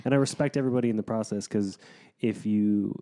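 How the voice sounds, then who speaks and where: Fast-talking, wry male actor. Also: on the low side, fairly even intonation, mellow. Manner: wry, self-mocking storytelling. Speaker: actor guest. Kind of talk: casual podcast chat.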